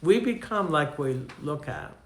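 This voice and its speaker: There's a roomy sound around this older man from Canada, whose slightly high voice is expressive and a little slow. He preaches a teaching sermon, chatting through anecdotes and asking listeners questions.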